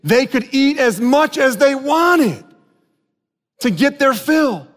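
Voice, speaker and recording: A pastor with a high voice delivers an animated sermon, often breaking into the voices of the people he quotes. His words ring out with a long tail of reverb, as in a big sanctuary. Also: slow.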